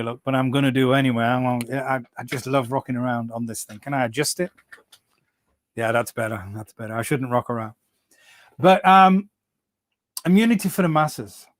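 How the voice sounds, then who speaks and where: A middle-aged man chats live to his fans from home. He rambles enthusiastically from story to story, restarting his sentences often. His voice sits at a middling pitch, and the sound is dry and close. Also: moderate pace, no room sound. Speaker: singer hosting a fan livestream. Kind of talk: casual live stream chat.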